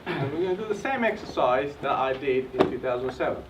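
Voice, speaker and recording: A young man with a Bulgarian accent giving an energetic, motivational seminar talk in a hotel function room, recorded from afar. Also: medium pitch, fairly quick, recorded from a distance. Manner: energetic, rallying the audience. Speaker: seminar co-presenter. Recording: echoey dull room recording with noise from afar.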